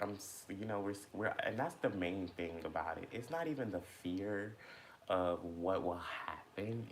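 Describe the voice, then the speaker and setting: A man's voice: fairly low pitch, a bit bright, slight background noise. A man chatting casually and reflectively while eating, rambling with many fillers as he thinks aloud about feelings. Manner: rambling, filler-heavy, introspective. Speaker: mukbang vlogger.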